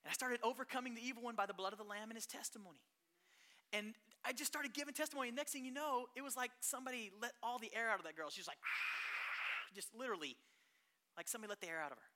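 A pastor preaching a sermon, telling stories in an animated way that swings between hushed and loud. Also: mid-range voice, rapid-fire.

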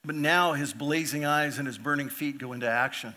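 A middle-aged man preaching a sermon as pastor, earnest and swelling louder on key points. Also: fairly high pitch, fairly quick.

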